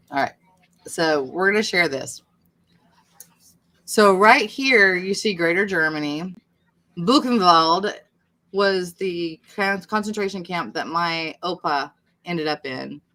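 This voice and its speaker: A woman's voice: lowish voice, fairly bright tone. A woman chatting casually on a livestream, rambling and poking fun at herself. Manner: rambling, chatty, self-deprecating. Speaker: livestream host.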